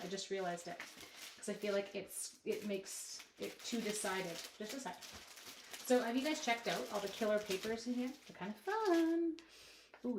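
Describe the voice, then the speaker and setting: Casual woman from Canada narrating a craft stream, chatty and playful, mid-pitch voice. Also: slight background noise. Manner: chatty, playful, reads chat comments aloud, thinks out loud. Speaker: crafting demonstrator. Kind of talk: live-streamed card-making demo, chatting with viewers. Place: home craft space at a lake cottage at night.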